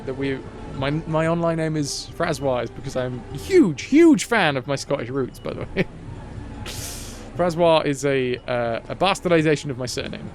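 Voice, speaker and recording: A man streaming a game, chatting casually in a rambling, jokey way that keeps breaking off and restarting. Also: fairly high pitch. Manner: rambling, jokey, self-interrupting. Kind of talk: casual gameplay commentary.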